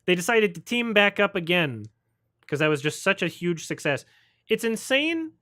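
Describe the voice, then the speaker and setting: Speaking at a moderate pace, the livestream host has a high, very animated voice with a bright, forceful tone. He rants about films with sarcasm and profanity, imitating people in mocking quotes during this film review chat. Clean studio audio, no echo.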